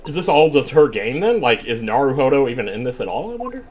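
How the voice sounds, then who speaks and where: Excitable man with a lively voice. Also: mid-range voice, fast talker. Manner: excitable, chatty, exclaims and swears. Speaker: let's play streamer. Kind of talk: gaming commentary. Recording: faint game music behind.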